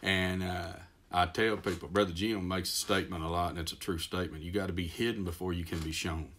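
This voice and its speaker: A man's voice: low voice, steady tone, brisk, fairly bright tone, slight background noise. A middle-aged man with a Texas accent, preaching in a folksy, self-deprecating way that rambles with fillers and restarts. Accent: Texan. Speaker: pastor. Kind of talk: folksy sermon.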